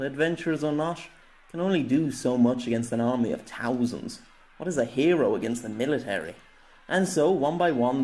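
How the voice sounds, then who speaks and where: A man's voice: medium pitch, darkish tone. A man narrating his own fantasy novella as an audiobook, telling it dramatically. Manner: dramatic storytelling, voicing characters. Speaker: narrator and author.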